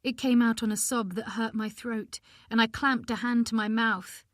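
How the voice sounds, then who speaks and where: A woman's voice: fairly high pitch, fairly even intonation, moderate pace, no room sound, clean studio sound. A woman narrating a domestic thriller in the first person, with a tense, emotional delivery. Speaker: audiobook narrator.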